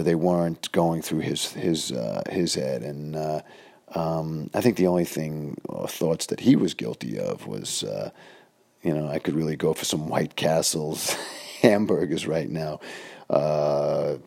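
Gravelly deep-voiced New man. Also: mellow. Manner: rambling, many fillers and restarts. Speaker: podcast host. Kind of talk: casual storytelling monologue.

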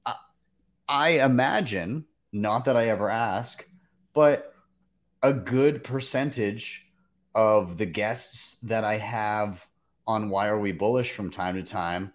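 A man's voice: on the low side, takes it slowly. A man hosting a casual finance chat, who rambles with lots of fillers and bursts into exclamations. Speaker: host.

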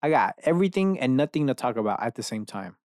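A man's voice: medium pitch, big pitch swings, fast talker, darkish tone, no room sound, studio quality. A man hosting a podcast alone in his bedroom, rambling from one idea to the next with lots of profanity and self-mocking asides. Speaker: podcast host. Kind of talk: rambling solo rant.

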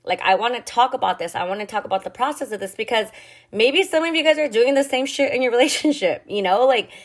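A woman's voice: on the high side, lively intonation, quick pace. A young woman hosting a podcast, telling a personal story in a candid, confessional way, swearing often and filling her talk with "like.". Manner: candid, heavy swearing and filler "like". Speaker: podcast host.

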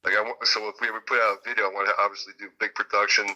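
A man's voice: lowish voice, little pitch movement, rapid-fire, bright, forceful tone, highs cut off, a little hiss or hum. A man being interviewed as a music producer and guitarist, telling stories in a rambling way with many fillers and restarts. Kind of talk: casual interview chat.

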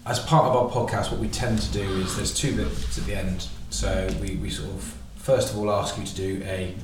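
A man's voice: lowish voice, level tone, moderate pace. A man from Bristol, hosting a casual podcast interview in a chatty, rambling, joking way. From Bristol, England. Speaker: podcast host. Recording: very echoey, distant mic, noisy room.

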